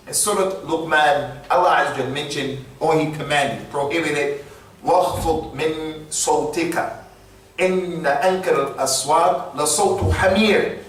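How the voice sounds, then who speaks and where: A man's voice: on the high side, fairly bright tone, a little hiss or hum. A man giving an emphatic sermon in a small mosque, repeating his key phrases for weight. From United States. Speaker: Islamic lecturer. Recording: echoey room, distant mic.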